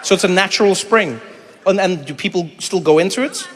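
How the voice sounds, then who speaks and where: A stand-up comedian riffing with the audience, playful and teasing. His voice sits high and sounds bright. A faint murmur of room ambience hangs under the stage mic. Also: long reverb tail, a little hiss or hum. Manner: playful, teasing, quick asides. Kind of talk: crowd work on stage. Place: live theater stage.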